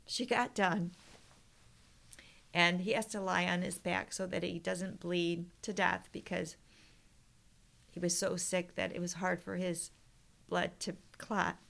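A woman's voice: on the low side, little pitch movement, takes it slowly, creaky, pauses often, a bit bright. A middle-aged woman, a podcast guest, earnestly retelling a personal story with emotion and quoted prayers.

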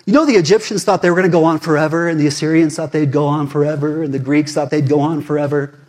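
A male pastor in his forties preaching a sermon in a fired-up, conversational way, swinging between loud emphasis and hushed asides. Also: a little high, fairly even intonation, fast talker.

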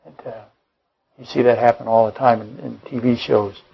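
A man's voice: medium pitch, flat delivery, normal speed, gravelly, slightly rough, dull audio. A man preaching a Bible-study sermon, rambling and correcting himself mid-sentence, firing off rhetorical questions and dropping joking asides. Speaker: pastor.

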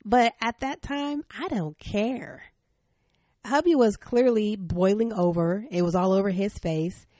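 A middle-aged woman hosting a parenting podcast, telling a family story in a frank, animated way, laughing often. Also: medium pitch, a little slow, dry recording. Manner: stern, frank. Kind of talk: personal storytelling.

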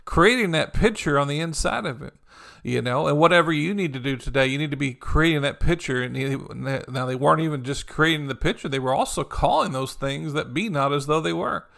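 A man's voice: mid-range voice, vocal fry, a bit bright. A man preaching a sermon in a conversational, repetitive style, dropping in frequent amens and "you know.". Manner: repetitive, encouraging cadence. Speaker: pastor.

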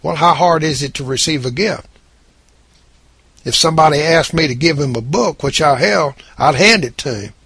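A man's voice: fairly high pitch, normal speed, creaky, fairly bright tone, husky, no room sound. A man preaching a sermon, reading scripture aloud and pressing his points with emphasis.

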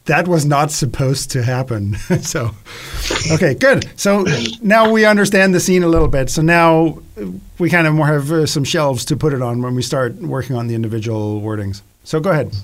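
A man's voice: on the high side, normal speed, a little hiss or hum. A man directing a rehearsal and narrating stage directions, speaking hesitantly with many fillers. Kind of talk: casual rehearsal talk.

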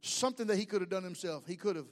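A man preaching a sermon as pastor, swinging between shouted lines and hushed, whispered prayers. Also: high-pitched, rapid-fire. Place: church sanctuary. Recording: long hall reverb with faint music.

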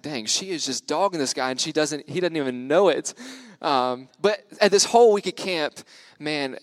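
A young man in his twenties preaching in a loose, storytelling way. He keeps it light with self-deprecating jokes and easy laughs. His voice sits at a middle pitch and sounds close and dry. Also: clear, resonant tone, no echo. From United States. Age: 20s. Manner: upbeat, joking, self-deprecating, laughs often. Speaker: young church speaker. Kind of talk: casual storytelling sermon.

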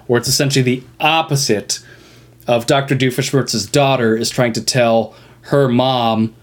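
A man's voice: mid-range voice, fairly even intonation, normal speed. A man chatting casually as a podcast co-host, rambling with many ums and unfinished phrases. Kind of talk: casual chat about a cartoon.

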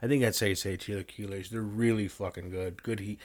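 A man's voice: on the low side, steady tone, brisk. A man in loose, profane podcast banter, laughing often. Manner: swears freely, laughs often. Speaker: podcast co-host. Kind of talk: casual chat.

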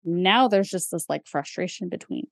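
A woman's voice: lowish voice, moderate pace, creaky, no room sound, clean studio sound. A young woman co-hosting a podcast, talking in a casual, chatty way with lots of fillers and small laughs. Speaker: podcast co-host. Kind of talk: casual chat.

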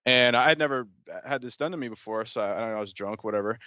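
A man's voice: medium pitch, fast, slight background noise. A man on a podcast telling a story in a rambling, hesitant way. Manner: rambling, hesitant, lots of fillers. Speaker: podcast co-host. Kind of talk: casual storytelling chat. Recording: dull, dry lo-fi audio.

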